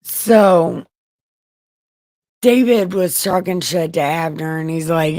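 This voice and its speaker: A woman's voice: fairly low pitch, steady tone, slow pace, a little mellow, dry recording. A woman livestreaming from home, reading scripture in a casual, irreverent way, crude and joking as she talks.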